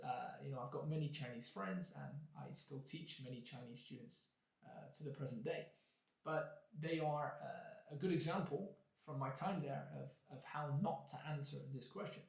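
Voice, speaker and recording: A man teaching an English lesson, explaining clearly and acting out examples with exaggerated intonation. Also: a little high. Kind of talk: video lesson. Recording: echoey room.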